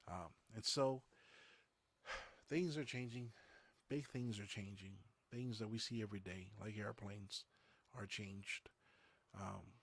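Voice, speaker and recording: Host, male, low and husky, loose rambling livestream chat, dry close sound. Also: fairly bright tone. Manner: rambling, conversational, many fillers. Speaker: podcast host. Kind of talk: casual livestream chat, reading viewer comments.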